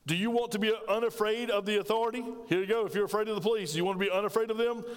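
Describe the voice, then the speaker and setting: A man delivers a sermon in a bright, high register, speaking plainly and with force. He calls out to the congregation and drives his points home. His voice carries a long reverb in a church hall. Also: fairly even intonation, rapid-fire, smooth. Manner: emphatic, conversational preaching with call-and-response to the congregation. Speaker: pastor. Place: church sanctuary.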